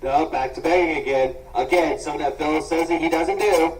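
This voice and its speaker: A man's voice: on the high side, fairly quick. Sarcastic guy roasting a streamer, cussing a lot, sounds far off and roomy. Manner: scolding, mocking, swears freely. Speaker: commentator. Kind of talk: sarcastic reaction commentary. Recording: roomy and distant.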